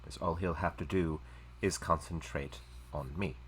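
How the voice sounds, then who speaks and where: A man voicing a soft-spoken apologetic envoy. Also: low voice, moderate pace, slight background noise, voice pushed down. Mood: apologetic, reassuring. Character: apologetic courteous male humanoid envoy. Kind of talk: live-streamed tabletop role-play.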